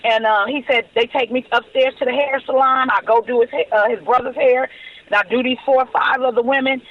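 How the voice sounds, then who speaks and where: A woman's voice: a little high, fairly quick. A woman in her forties, a podcast guest telling stories animatedly and acting out the dialogue. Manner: animated storyteller who acts out quoted dialogue. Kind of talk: storytelling in a podcast interview. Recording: dull lo-fi recording.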